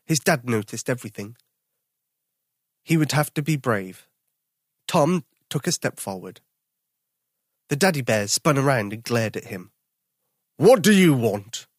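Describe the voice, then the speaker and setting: An expressive storyteller reading a children's picture book aloud. The voice rises and falls in a lively way, and the sound is dry and close to the mic. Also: medium pitch, no echo.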